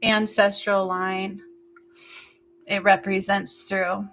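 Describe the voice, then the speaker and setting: A woman leads an intuitive healing session in a soft, intimate voice that sounds bright and clear. She talks slowly and haltingly, drifting between thoughts with plenty of fillers, and her tone stays emotional throughout. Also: medium pitch, level tone, a little hiss or hum. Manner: slow, halting, meandering with many fillers. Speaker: spiritual healer.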